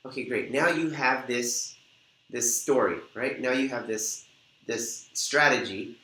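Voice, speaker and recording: A man's voice: mid-range voice, unhurried, bright, forceful tone. A man hosting an instructional video, coaching viewers in an upbeat way and acting out sample conversations. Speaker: host and weight-loss coach. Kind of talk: instructional talk to camera. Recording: echoey room.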